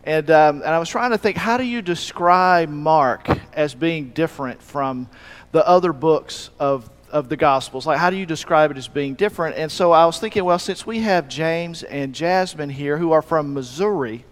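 Folksy Alabama preacher, high-ish voice. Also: male voice, normal speed. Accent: Alabama Southern. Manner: folksy, joking, loose and rambling. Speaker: pastor. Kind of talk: sermon with humor.

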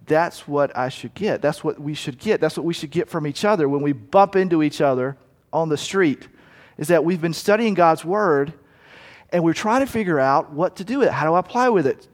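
A male pastor delivers a conversational sermon in a somewhat higher register. He drops into murmured asides and quick acted-out moments. His voice carries a long reverb from the hall.

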